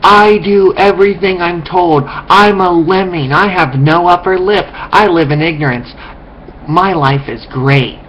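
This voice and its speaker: A man putting on a dopey, high-voiced lemming zombie. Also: fairly bright tone. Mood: smug dopey. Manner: slow, dopey and self-satisfied with humming. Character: dim, smug brain-dead lemming zombie person. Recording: dull lo-fi recording with faint hiss.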